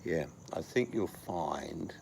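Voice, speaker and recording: Low-voiced joking man. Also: expressive, takes it slowly, creaky, a little mellow, a little hiss or hum. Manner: joking, bawdy banter. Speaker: livestream host. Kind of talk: casual chat.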